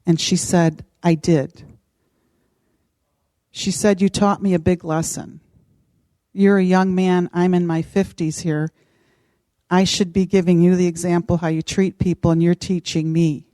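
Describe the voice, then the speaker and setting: Mellow-voiced woman telling a story. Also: lowish voice, a little slow, long pauses, no echo. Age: middle-aged. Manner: animated, acts out quoted voices. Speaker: podcast co-host. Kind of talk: casual storytelling.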